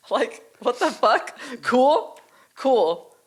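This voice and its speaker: A woman's voice: on the high side, sing-song, drawn-out words, husky. A woman co-hosting a podcast, arguing her side in a heated, emphatic way with frequent swearing. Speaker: podcast co-host. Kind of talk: casual podcast debate.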